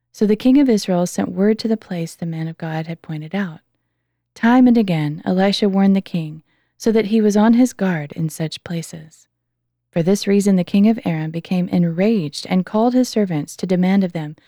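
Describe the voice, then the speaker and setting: Female scripture reader, lowish mellow voice, measured and calm, dry close mic. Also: no room sound. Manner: calm, measured, slows for quoted speech. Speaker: Bible reader. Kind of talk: scripture reading.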